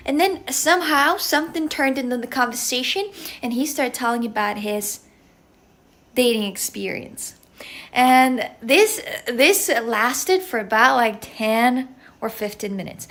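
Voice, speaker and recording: A woman's voice: sits high, a bit bright. A young woman from Russia telling a rambling story in casual chat, laughing often and swearing. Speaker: streamer.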